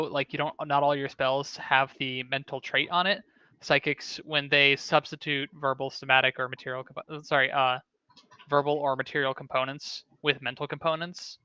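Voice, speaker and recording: A man's voice: mid-range voice, bright, forceful tone, clear, resonant tone, dry recording, muffled recording. A man player casually explaining game rules in long run-on sentences, correcting himself along the way.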